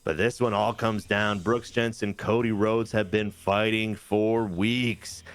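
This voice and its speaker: A man casually recapping wrestling matches from a video game, in an animated, jokey play-by-play way. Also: lowish voice, slow, clean tone. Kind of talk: casual gaming chat.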